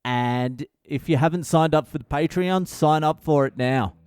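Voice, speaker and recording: A man hosts his own podcast, riffing alone through profane, rambling comic stories. His voice is smooth and resonant. It is recorded dry and close, with no room sound. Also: on the high side, moderate pace, darkish tone, no echo. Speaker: podcast host. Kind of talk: casual solo monologue.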